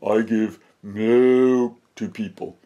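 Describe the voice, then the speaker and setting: A man's voice: lowish voice, fairly even intonation, slow, warm tone, dull audio. A man doing a patient, weary cow. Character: patient, matter-of-fact female cow.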